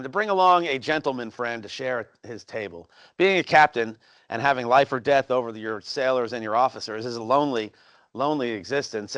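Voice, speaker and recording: A man's voice: mid-range voice, a bit bright, clear, resonant tone, dry recording. Chatty man explaining history. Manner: rambling, with fillers and restarts. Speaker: educational video host. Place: historic house, on location.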